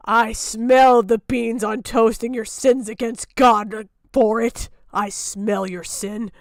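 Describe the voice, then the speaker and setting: High-voiced mocking woman streamer. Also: no room sound. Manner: mocking, loud, bursts of laughter. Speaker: streamer reacting to a video. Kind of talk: casual live-stream commentary.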